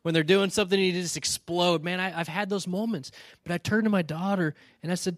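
A man's voice: sits high, steady tone, fast talker, dry recording, clean studio sound. A male pastor giving a sermon in a conversational, storytelling way, often checking in with "right?" and earnestly challenging his listeners.

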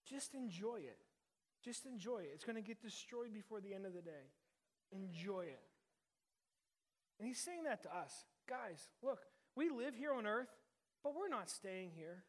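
A man's voice: sits high, expressive, measured pace. A man in his thirties, a pastor delivering a sermon in a conversational style, repeating key lines for emphasis. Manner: conversational preaching with emphatic repetition.

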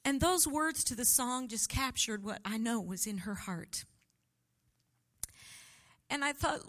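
A middle-aged woman delivers a sermon, speaking unhurriedly with long, deliberate phrases. Her voice sits somewhat high, and she tells a family story with open, heartfelt emotion that sometimes turns tearful. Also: animated, a bit bright. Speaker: pastor's wife preaching.

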